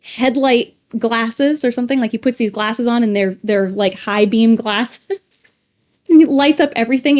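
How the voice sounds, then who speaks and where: A woman's voice: fairly high pitch, measured pace, darkish tone. A woman co-hosting a livestream, chatting casually in a rambling way with restarts. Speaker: livestream co-host. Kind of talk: casual chat.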